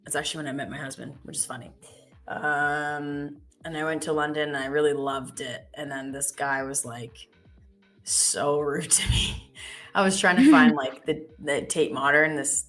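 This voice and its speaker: A Canadian woman with a slightly low voice chats on a live trading stream. She rambles through anecdotes and trade reflections, dropping "like" constantly. Faint music plays under her. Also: normal speed, a bit bright. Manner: chatty storyteller, many fillers like "like". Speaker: futures trader co-host.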